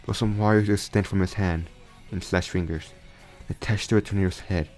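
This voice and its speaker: Low-voiced young man retelling a story. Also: steady tone, moderate pace, few pauses, a little mellow, soft background music. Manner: rambling with frequent restarts and self-corrections. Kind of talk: casual retelling of a fan story.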